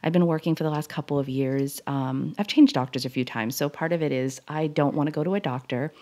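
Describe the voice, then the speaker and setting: Low mellow-voiced woman sharing her story. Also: fairly quick. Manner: earnest, confessional, laughs at herself. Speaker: host. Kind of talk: personal monologue to camera.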